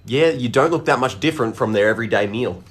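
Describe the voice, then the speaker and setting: A man's voice: mid-range voice, quick pace. A man with an Australian accent giving comedic list narration for a short video, blunt and laid-back with heavy swearing.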